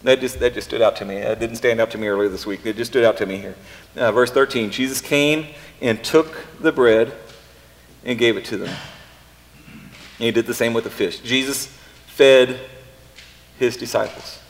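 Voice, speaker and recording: Man preaching in a reverberant hall. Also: medium pitch. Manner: halting, repeats words, thinks aloud. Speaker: pastor. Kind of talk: sermon.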